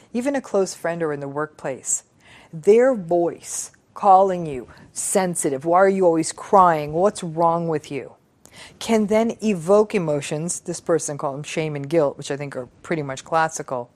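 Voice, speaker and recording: A middle-aged woman psychologist reading out viewer comments and reflecting on them in an earnest, measured, emphatic way. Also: on the low side, darkish tone. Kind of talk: reflective talk on relationships.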